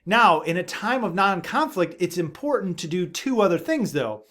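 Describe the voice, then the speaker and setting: A man hosting a parenting video, father of seven, giving earnest, emphatic advice straight to the camera and dropping his voice low for asides. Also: very animated, moderate pace, fairly bright tone. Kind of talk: direct-to-camera advice talk.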